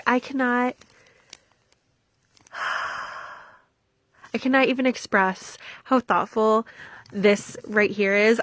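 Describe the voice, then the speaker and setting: A young woman chatting through a craft vlog, slow and unhurried yet excitable, sliding from soft whispers into high squeals. Her voice sits a little high and sounds close and dry, with no room around it. She gushes over every item she shows. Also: no echo. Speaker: vlogger. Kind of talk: casual vlog, showing crafts.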